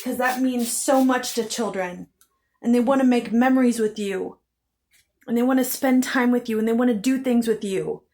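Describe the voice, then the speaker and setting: A vlogger tells her own story to the camera, her voice on the high side, warm, and at normal speed. The telling is intense and bitter, full of heavy swearing and phrases repeated for emphasis.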